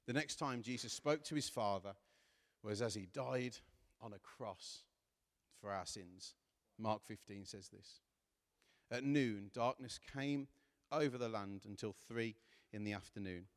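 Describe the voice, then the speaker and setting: Male preacher, earnest sermon delivery, low-ish voice, echoing church hall. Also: unhurried. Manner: earnest, rising to impassioned emphasis while reading scripture. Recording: long hall reverb.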